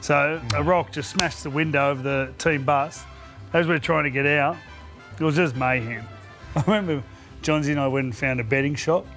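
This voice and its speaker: A man's voice: a little high, normal speed, a bit bright, faint music behind. Laughing Australian man spinning yarns. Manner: laughs through his anecdotes. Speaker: podcast co-host, former player. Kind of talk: casual storytelling.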